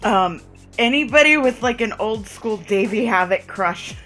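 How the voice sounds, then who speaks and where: A woman's voice: on the high side, expressive, unhurried, fairly bright tone. A woman chatting casually and giggling as she plays through a story game, over faint music. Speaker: let's play gamer. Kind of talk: casual game commentary and reading narration.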